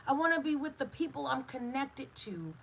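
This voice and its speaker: A woman giving an inspirational talk as host, emphatic and repetitive, dropping to a hush for stress. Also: sits high, very animated, normal speed, gravelly, slight background noise, poor audio. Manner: emotional, speaks to a live listener.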